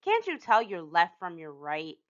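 A woman's voice: lowish voice, wildly swooping pitch, a little slow, dull audio, pitched below the performer's own voice. Storybook big sister, bossy and impatient, scolding tone, read by a woman.

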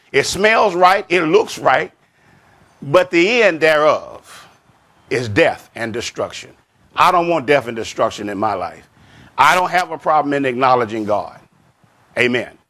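A man preaching a sermon as pastor, repeating and stressing key words, stretching scripture phrases slowly and sinking his voice at the end of each point, with frequent calls of amen. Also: fairly bright tone. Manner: drops pitch and volume at the end of a point; frequent amen and child of God to the congregation.

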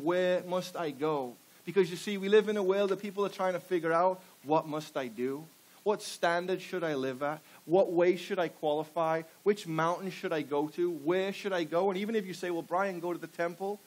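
A middle-aged man delivers a sermon with passion, throwing rhetorical questions out to his congregation. His voice sits a little higher than most men's. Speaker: pastor.

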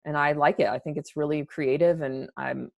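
A woman's voice: sits low, fairly even intonation, normal speed, gravelly. A woman in her thirties, a podcast guest talking candidly and emphatically. She restarts her sentences often and is close to tears. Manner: earnest and emphatic, with frequent restarts. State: emotional, near tears. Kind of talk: candid conversational interview.

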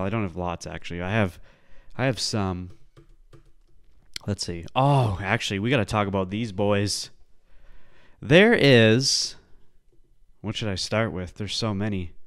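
Man, podcast host, casual commentary, profane, incredulous, rambling, clear resonant voice. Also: fairly low pitch, a little slow, pauses often.

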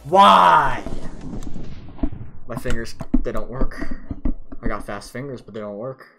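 A man's voice: medium pitch, fairly even intonation, moderate pace, music in the background. Young man swearing through a rhythm game. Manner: swearing, panicky outbursts. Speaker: streamer. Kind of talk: frustrated gaming stream commentary.

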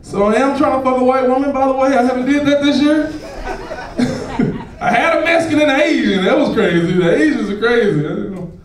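A man performing a profane stand-up comedy set on a club stage, laughing and shouting as he tells stories. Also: extremely high pitch, a little fast. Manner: loud, laughing, profane storytelling to a crowd. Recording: echoey club recorded from far off.

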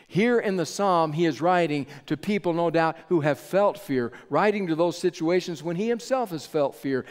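A male pastor preaching a sermon in a measured storytelling style with dramatic pauses, in a large church sanctuary. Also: on the high side. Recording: echoey church hall with long reverb.

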